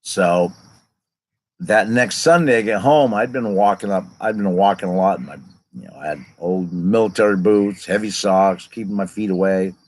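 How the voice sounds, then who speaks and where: Rambling middle-aged man, low voice. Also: moderate pace, a little mellow, poor audio. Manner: rambling, digressive personal storytelling. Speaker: vlogger telling his own story. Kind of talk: casual spoken storytelling.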